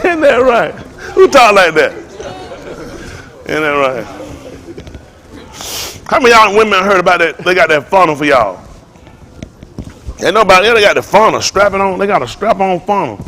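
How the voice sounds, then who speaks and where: A man preaching to a congregation in a joking, storytelling way, laughing and shouting often. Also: high-pitched, lively intonation, normal speed, long pauses, a little hiss or hum. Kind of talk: comic sermon talk to a congregation.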